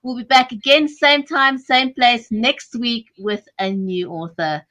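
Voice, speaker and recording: Bright, higher-pitched woman host. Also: steady tone, unhurried. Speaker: show host. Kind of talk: live interview show hosting. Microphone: video call.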